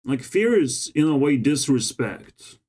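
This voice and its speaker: A man's voice: medium pitch, sing-song, unhurried, darkish tone. Frustrated man ranting, tired. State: tired and run down. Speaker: vlogger. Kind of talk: casual rambling monologue to camera.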